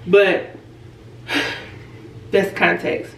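A woman vlogger casually telling a story, animated, laughing and acting out the people she quotes. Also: lowish voice, extremely slow, gravelly, slight background noise. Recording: roomy and a bit distant from the mic.

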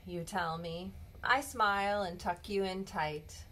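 A woman reading a children's bedtime story aloud in a gentle, expressive storybook manner. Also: medium pitch, takes it slowly, slight background noise.

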